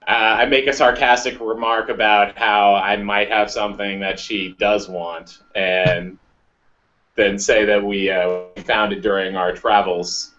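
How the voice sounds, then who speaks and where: A man playing a tabletop game, talking in a relaxed, joking way. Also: fairly low pitch, measured pace. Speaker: player. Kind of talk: casual tabletop game play. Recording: dull lo-fi sound.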